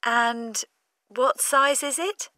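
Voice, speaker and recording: Bright high-voiced woman asking questions. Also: very slow, no echo. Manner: curious and inquisitive. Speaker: customer in a textbook dialogue. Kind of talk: scripted textbook dialogue.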